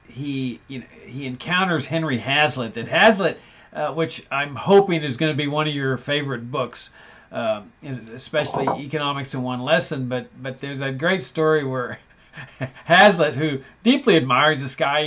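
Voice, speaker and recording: A man's voice: mid-range voice, a bit bright. A man hosting a podcast conversation who speaks earnestly and stresses his points. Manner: earnest and admiring, with emphatic stress. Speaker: podcast host. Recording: dull lo-fi sound.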